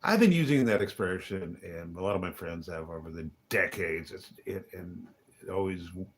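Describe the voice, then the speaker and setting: A man's voice: low-pitched, moderate pace, slight background noise. A man rambling through a casual livestream monologue, wry and grumbling, muttering asides and chuckling to himself. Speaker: livestreaming vlogger. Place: hotel.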